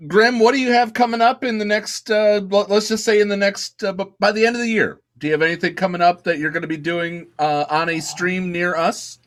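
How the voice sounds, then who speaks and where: A man hosts a podcast and fires off chatty questions, often restarting his words. His voice sits slightly high. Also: fairly even intonation, brisk, hardly any pauses, fairly bright tone. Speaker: podcast host. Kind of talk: casual interview chat.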